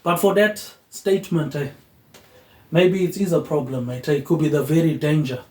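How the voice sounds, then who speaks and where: A man hosts a rambling philosophical monologue. His train of thought drifts loosely, and he closes nearly every phrase with a quieter tag word. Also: fairly high pitch, fairly even intonation, normal speed. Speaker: host. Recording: echoey room.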